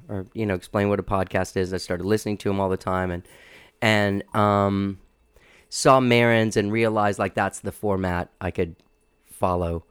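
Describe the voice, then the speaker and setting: A man's voice: fairly low pitch, little pitch movement, moderate pace, clean tone, dry recording. A middle-aged man hosting his podcast in a casual, rambling way, full of restarts and fillers, recorded in a home studio. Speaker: podcast host. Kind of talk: casual interview chat.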